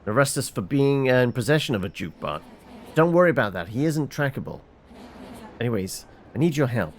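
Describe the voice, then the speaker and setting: A man reads through a game's dialogue himself, voicing each character with lots of ups and downs in his pitch. He stumbles now and then with fillers and restarts. A faint hiss sits under the voice. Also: sing-song, fairly quick. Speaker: game reviewer reading dialogue. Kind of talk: reading game dialogue aloud.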